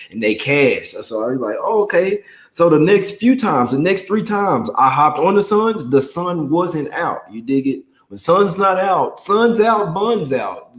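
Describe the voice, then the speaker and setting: A young man hosts a relaxed sports betting livestream, talking in loose, slangy banter with a mid-range voice. The sound bounces around a roomy, echoey room. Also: medium pitch. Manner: slangy, laid-back banter, greets chat by name. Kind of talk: casual livestream chat.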